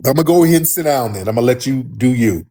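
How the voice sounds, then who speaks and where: A man's voice: mid-range voice, lively intonation, quick pace, mellow. A man from the United States hosting a livestream, talking in a combative, profane, mocking way. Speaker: livestream host. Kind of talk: livestream commentary.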